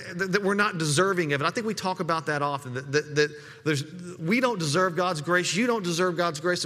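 A man preaching in a church hall with a high, bright voice. He speaks conversationally, repeating words as he gathers his thoughts. A long reverb trails his words. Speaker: pastor. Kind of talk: sermon.

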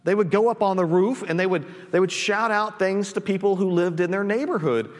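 A pastor with a high voice preaches in a casual, conversational way, often restarting his sentences and checking in with "right?". His voice rings out with a long reverb, as though it fills the church sanctuary. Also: a little fast. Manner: conversational, frequent restarts and tag questions. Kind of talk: sermon.

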